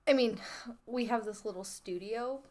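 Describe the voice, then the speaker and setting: A woman's voice: a little high, moderate pace, a little mellow. A woman, a mother of two, co-hosting a podcast from a small home studio, chatting casually with blunt swearing and laughter. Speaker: podcast co-host. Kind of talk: casual chat.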